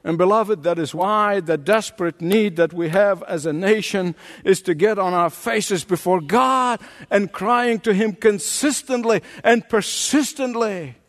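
A middle-aged man preaching a sermon, acting out the scenes he tells with big jumps in voice. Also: unhurried. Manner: animated preaching, acts out scenes with big pitch leaps. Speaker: pastor. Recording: long hall reverb.

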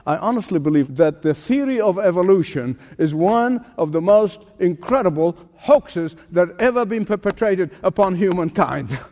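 A man preaching a sermon with emphatic delivery, drawing out key phrases and swinging his pitch up and down for emphasis. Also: expressive, normal speed, hardly any pauses, darkish tone, big-room sound. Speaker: pastor.

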